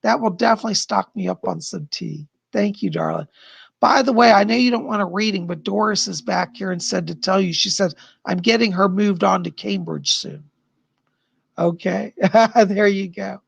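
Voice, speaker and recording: A man hosts a psychic livestream, chatting as he reads out viewers' questions and relays messages from spirits. He has a high-pitched, husky voice with vocal fry and a moderate pace, and the audio is dull with no echo.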